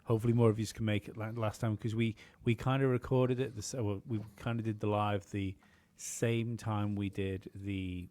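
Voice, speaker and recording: A man's voice: lowish voice, little pitch movement, normal speed, few pauses, a little mellow. A man co-hosting a podcast, chatting casually, rambling with many fillers and some swearing. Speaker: podcast co-host.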